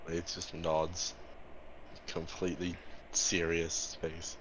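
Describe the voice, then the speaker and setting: A man's voice: deep voice, monotone, takes it slowly, a bit bright. A man playing a tabletop game, describing his character's actions in a blunt, casual way. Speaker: player. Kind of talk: casual tabletop role-play. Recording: dull, lo-fi mic with faint noise.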